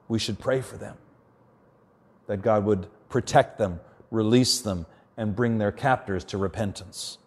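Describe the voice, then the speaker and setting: A man preaching a sermon as pastor, earnest, often dropping quiet and slow for emphasis. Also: on the low side, slightly rough.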